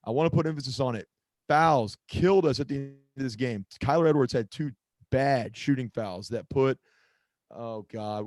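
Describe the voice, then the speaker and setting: Speaking in a medium-pitched, slightly mellow voice on a dry recording, this sports podcast co-host rambles casually. He keeps cutting himself off, groping for names, and losing track of what he was saying.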